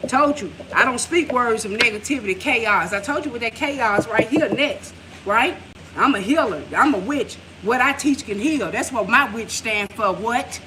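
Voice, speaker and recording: A woman's voice: a little high, expressive, moderate pace, sharp tone. A woman giving a casual tarot reading at home, talking in a loose, rambling way with plenty of swearing and laughter. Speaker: tarot reader. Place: room at home. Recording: noisy home recording.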